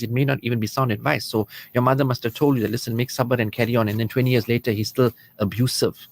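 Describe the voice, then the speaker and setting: A man giving earnest, conversational marriage advice as a counselor on a radio programme in a studio. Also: mid-range voice. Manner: earnest and conversational, acts out quoted spouses.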